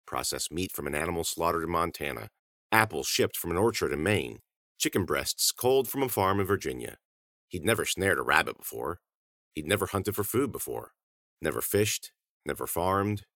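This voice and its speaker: Deep-voiced man narrating an audiobook. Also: moderate pace, no echo, clean studio sound. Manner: animated, clipped sentences.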